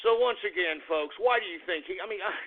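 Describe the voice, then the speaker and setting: A man's voice: high voice, fast. A male talk radio host in a mocking, profane political rant, laughing at his listeners. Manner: mocking, swearing, cackling. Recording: phone-like lo-fi radio audio.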